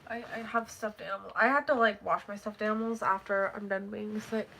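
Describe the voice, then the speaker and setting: A woman's voice: medium pitch, steady tone, brisk, vocal fry, bright, forceful tone, slight background noise. A teenage girl with a stuffy, congested nose, rambling casually on a live stream, full of "like" and casual swearing.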